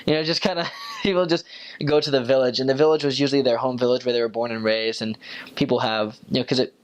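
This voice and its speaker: A young man, a returned missionary, telling stories in a relaxed, casual way, with lots of fillers, and jumping up in pitch when he quotes people. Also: quick pace. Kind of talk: casual storytelling.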